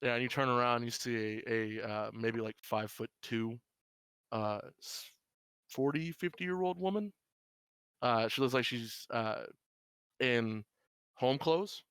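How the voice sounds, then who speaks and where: A man runs a tabletop game as game master, narrating scenes in a loose, rambling way full of fillers. His voice is smooth and clear at a middle pitch. The recording is close and dry. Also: measured pace, long pauses, a bit bright, no room sound. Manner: rambling, lots of "like" and "uh".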